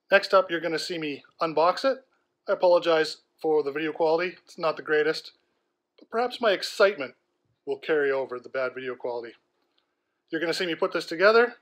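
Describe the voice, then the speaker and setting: A man vlogging an unboxing, chatty and excited, describing gear as he handles it. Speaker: tech vlogger. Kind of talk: enthusiastic unboxing vlog. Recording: low-quality video audio.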